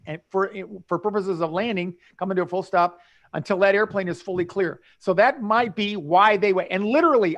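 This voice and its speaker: An older man, an airline pilot hosting a live talk show, calmly explaining things to nervous flyers with many restarts. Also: high voice. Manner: earnest, reassuring, with many restarts.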